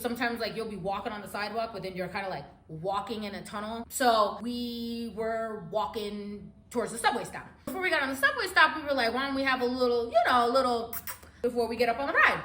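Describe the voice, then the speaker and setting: A young woman tells a wild personal story for a storytime vlog, laughing a lot and swinging between hushed and loud. Her voice is a little high, and the room is echoey.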